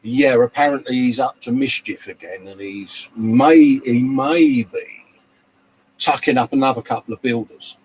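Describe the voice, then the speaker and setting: A man's voice: mid-range voice, unhurried, breathy edge, rough recording. Chatty tired man hosting a live stream. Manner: chatty and matey, calling viewers mate and love. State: tired from lack of sleep. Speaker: live-stream show host. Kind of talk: casual chat, reading out live comments. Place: hobby workshop bench.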